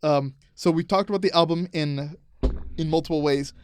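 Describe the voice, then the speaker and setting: A man's voice: a little high, normal speed, clean tone. A man hosting a podcast in casual interview chat, easygoing and joking, laughing a lot. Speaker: podcast host.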